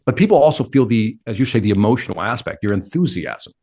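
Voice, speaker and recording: A man's voice: fairly low pitch, very animated, fast, mellow. A middle-aged man answering interview questions with energy, acting out quotes and his own inner talk. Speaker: sales speaker and interview guest.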